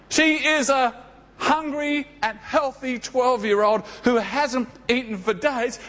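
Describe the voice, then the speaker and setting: Man, pastor, sermon, storytelling, rhetorical questions, slow. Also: very high voice, a bit bright.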